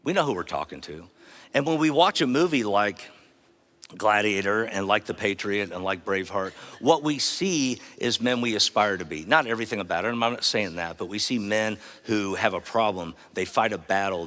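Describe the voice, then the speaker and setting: A middle-aged man delivers a keynote with earnest conviction, asking rhetorical questions and inviting the crowd to join in. His voice sits fairly low. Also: moderate pace, sharp tone. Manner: earnest, rhetorical, engages the audience. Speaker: keynote speaker. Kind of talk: motivational keynote speech.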